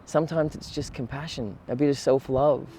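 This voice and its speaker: A man giving a relaxed, conversational outdoor talk on gratitude, often checking in with his listeners. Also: mid-range voice, moderate pace, slight background noise. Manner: relaxed, conversational, frequent "right?" and "you know". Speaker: meditation teacher. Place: outdoors by the water on a windy morning.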